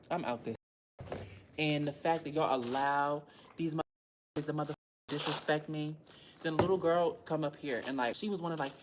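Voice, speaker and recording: A woman's voice: sits low, slight background noise. A woman teacher venting to the camera in a heated, blunt way, swearing a lot and speaking.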